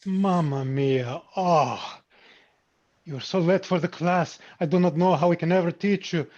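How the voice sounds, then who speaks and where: A man's voice: a little high, measured pace, darkish tone, highs cut off, lightly acted. A man playing a scolding male wizard teacher with a put-on Italian accent in an improv comedy scene. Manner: scolding and exasperated.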